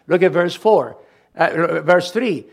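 A pastor from Latin America with a Latin American Spanish accent, preaching a sermon with emphatic, slowed phrases. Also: male voice, fairly high pitch, gravelly.

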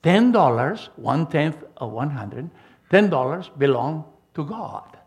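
Older preacher man, gravelly and animated. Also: on the high side, a little slow. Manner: emphatic preaching with a storytelling style, frequent restarts. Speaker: pastor. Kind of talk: sermon.

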